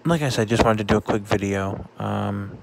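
A man talking casually in a vlog, halting often with fillers and restarts. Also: on the low side, vocal fry. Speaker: vlogger.

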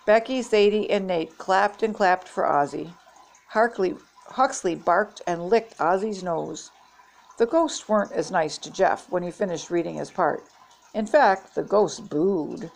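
An older woman reading a children's chapter book aloud in a steady, gentle read-aloud manner. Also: lowish voice, unhurried, gravelly, poor audio. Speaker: storybook reader.

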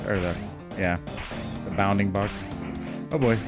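Excitable guy playing a game live, keeps panicking and talking to himself, music going behind. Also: lowish voice, a little slow. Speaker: let's play host.

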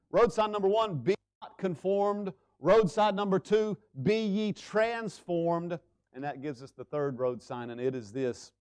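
A male pastor preaching a sermon in a church, swinging between loud urgent stretches and hushed, drawn-out emphasis. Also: on the high side, clean tone. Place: church sanctuary.

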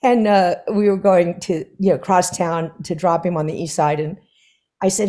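Lively woman singer telling stories. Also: on the low side, normal speed. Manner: animated storyteller who acts out quoted dialogue with laughs. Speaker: guest singer. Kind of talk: conversational anecdote telling. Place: stage conversation before an audience.

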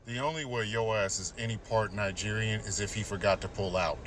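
A man delivering a heated commentary rant, swearing heavily and pushing his voice up into loud peaks. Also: on the low side, fairly quick, noisy background. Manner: heated, heavy swearing, rising into shouty peaks. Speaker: commentator reacting to clips. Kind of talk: profane rant.

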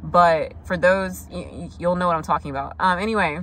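A woman's voice: on the low side, a bit bright, slight background noise. Chatty woman giving a casual tarot reading. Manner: chatty, filler-heavy, quick asides and mock quotes. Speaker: tarot reader.

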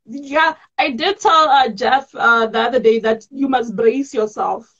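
A woman's voice: on the high side, measured pace, a bit bright, lo-fi sound. A woman from South Africa hosting an online chat show over a video call. She laughs often and speaks effusively, repeating herself. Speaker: host.

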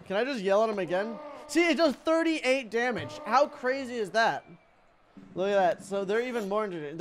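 A young man giving excitable let's-play commentary, thinking aloud and laughing as he plays. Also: high-pitched. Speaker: gaming YouTuber.

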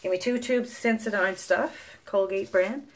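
Speaking at a moderate pace in a mid-range voice, a young woman from Newfoundland, Canada, chats casually to camera as a mother in her vlog. Her Newfoundland English accent is thick. Her stories ramble, she swears freely, and she laughs often.

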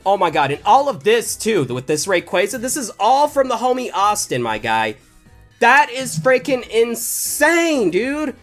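Excitable male vlogger, slangy unboxing chatter, lively pitch, voice cracks when hyped. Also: measured pace, soft background music. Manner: hyped, slangy, shouts and laughs in bursts. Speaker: YouTuber opening card packs.

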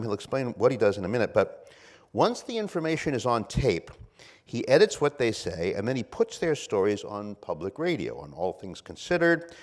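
A man hosts a live stage event, introducing his guest with a wry, playful streak. His pitch rises and falls in lively swings, and he speaks at a middling pitch. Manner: playful, wry, storytelling delivery. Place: live event before an audience.

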